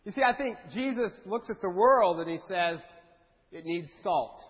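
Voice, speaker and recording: A man's voice: high voice, lively intonation, moderate pace. A male pastor delivering a humorous, conversational sermon with playful asides to his congregation. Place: church sanctuary. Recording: dull sound with long hall reverb.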